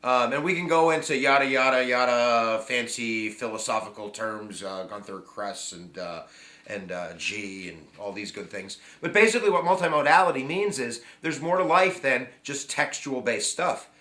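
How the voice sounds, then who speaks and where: Energetic man giving teaching tips. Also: medium pitch, normal speed. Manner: chatty, energetic, full of fillers and asides. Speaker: history teacher and video host. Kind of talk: casual video lesson to camera. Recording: echoey room.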